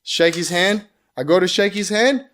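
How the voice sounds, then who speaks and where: A young man, telling his story as a podcast guest in an animated, swearing way. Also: high voice, moderate pace. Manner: animated, swearing, repeats phrases. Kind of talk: casual storytelling.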